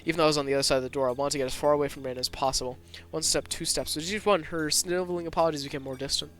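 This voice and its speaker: A man's voice: a little high, steady tone, very fast, a bit bright, soft background music. A man reading a visual novel aloud as a streamer, narrating tense first-person scenes with occasional asides. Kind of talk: dramatic story narration with asides.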